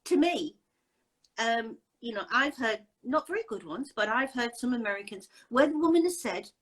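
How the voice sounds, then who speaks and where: Woman host, husky, emphatic and indignant in casual chat. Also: fairly high pitch, animated, normal speed, a bit bright, poor audio. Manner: indignant, emphatic rhetorical questions.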